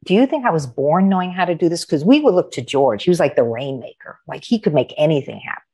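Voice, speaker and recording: Female coach guest, middle-aged, low gravelly voice, animated storyteller who voices other people in her anecdotes. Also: fast talker. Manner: animated, acts out quoted dialogue. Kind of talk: conversational storytelling.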